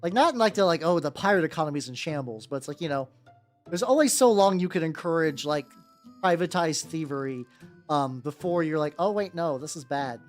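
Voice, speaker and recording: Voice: medium pitch, expressive, fairly quick. A streamer chatting casually with viewers while painting miniatures, rambling and swearing freely. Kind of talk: casual livestream chat. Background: faint background music.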